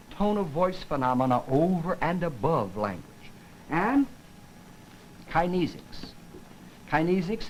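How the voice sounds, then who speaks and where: Lively man giving a lecture. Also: on the high side, slight background noise, low-quality recording. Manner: lively, demonstrates intonation with his own voice. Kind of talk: televised linguistics lecture.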